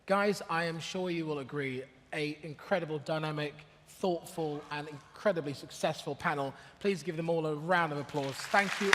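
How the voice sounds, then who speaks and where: High-pitched, bright-voiced male event host. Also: moderate pace, slight background noise. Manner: energetic, rousing the crowd. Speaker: event host and panel moderator. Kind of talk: live conference hosting. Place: large conference hall with audience. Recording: hall reverb, crowd.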